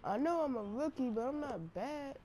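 A woman giving excitable, slangy, trash-talking commentary over her own basketball gameplay on a headset mic. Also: high voice, moderate pace. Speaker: gaming channel host. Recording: noisy game audio behind.

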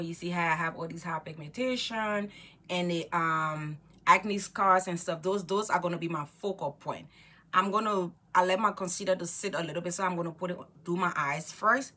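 A woman vlogger chatting excitedly while doing her makeup, talking casually and repeating herself often. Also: fairly low pitch, husky. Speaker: beauty vlogger. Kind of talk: casual get-ready-with-me chat.

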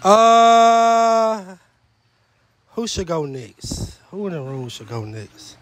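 A man with a high voice hosts a truth or dare game in a room at a house party. He is loud and joking, swears freely and often stumbles over his words. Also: drawn-out words. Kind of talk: casual party chat.

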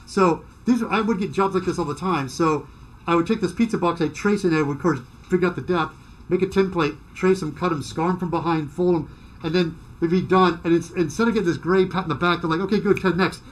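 A middle-aged man telling work stories in a casual chat, animated and acting out other people's lines. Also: a little high. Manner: animated, acts out dialogue in quick bursts. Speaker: guest.

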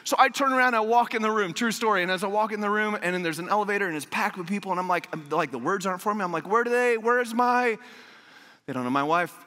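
This pastor, a man in his thirties, talks fast with hardly any pauses, his high voice carrying the sound of a big room. In a church auditorium sermon, he spins a funny tale with lively energy, voicing the lines people said.

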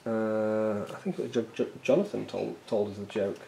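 A man's voice: on the low side, fairly even intonation, moderate pace, gravelly, warm tone, poor audio. A man hosting a miniature painting video, chatting casually and self-deprecatingly while he paints. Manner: joking, rambling, self-deprecating. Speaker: miniature painting channel host.

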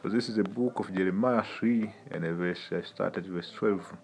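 A man's voice: deep voice, normal speed, gravelly, a little mellow, slight background noise. A man preaching an informal sermon in an emphatic, repetitive, streetwise way, often calling listeners "man".

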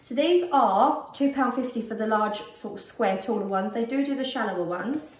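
A woman's voice: a little high, normal speed. Chatty British woman, slightly out of breath. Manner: chatty, rambling, frequent ums. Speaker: haul vlogger. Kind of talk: casual haul chat. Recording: roomy echo, distant mic.

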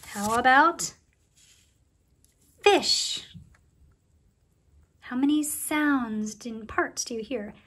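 A woman leads a preschool lesson in a high, bright voice. She speaks slowly and encouragingly, as if to small children. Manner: cheerful, slow and encouraging, talking to young children. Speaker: preschool circle time teacher.

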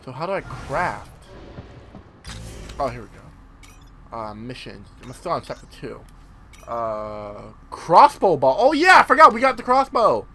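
A young man casually commentating a horror game, excitable and profane, rambling as he plays. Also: medium pitch, a little slow, long pauses, faint music behind. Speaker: gameplay commentator. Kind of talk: casual let's-play commentary.

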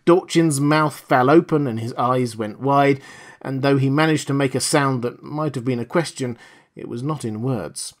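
A man reading a science fiction story aloud as an audiobook narrator, measured and dramatic. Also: mid-range voice. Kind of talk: scripted narration.

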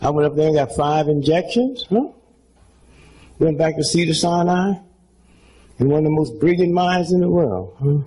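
Warm in tone and slightly rough, a man in his seventies with a somewhat high voice and lively intonation speaks at normal speed, pausing often. He's a comedian doing folksy, rambling stand-up stories for a live audience, sprinkled with "huh?" and "you know what I'm saying?" Audio quality is poor.

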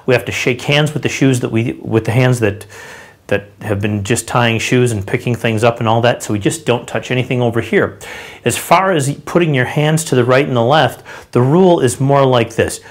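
A man's voice: mid-range voice, moderate pace. Man, sales trainer, instructional talk to camera, direct, conversational, demonstrating gestures. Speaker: sales and body language trainer.

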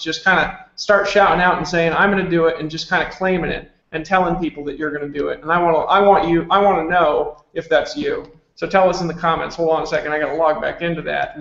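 A man leading an online team hangout, delivering a pushy motivational pitch with rapid-fire, repetitive calls to commit. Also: fairly bright tone. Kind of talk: motivational pitch on a video call. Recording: very echoey, dull lo-fi sound.

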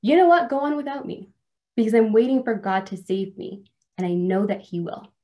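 A woman's voice: on the high side, expressive, a little fast, dark tone, lightly acted. A woman voicing a stubborn, faithful man stranded in a flood, speaking casually and confidently within a sermon story.

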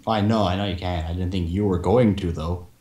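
Deep-voiced man, echoey room. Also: steady tone, brisk, mellow. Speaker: channel host playing a block-building game. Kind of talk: casual gaming chat.

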